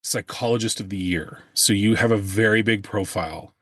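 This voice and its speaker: A man's voice: lowish voice, moderate pace, a bit bright, dry recording. A man co-hosting a podcast, chatting casually and joking. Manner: joking, teasing. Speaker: podcast co-host. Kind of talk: casual chat.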